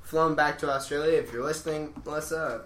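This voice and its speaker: Teen boy, excitable, punny, casual chat, slightly high voice, faint noise. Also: brisk. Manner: excitable, laughing, punning. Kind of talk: casual chat among friends. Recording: echoey room with faint noise.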